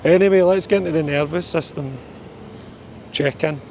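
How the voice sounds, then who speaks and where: A man's voice: on the high side, normal speed, darkish tone, slight background noise. A man, a life coach chatting casually on an outdoor walk, swearing mildly now and then. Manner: chatty, mild swearing, talks to his dog. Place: outdoors on a walk near a street.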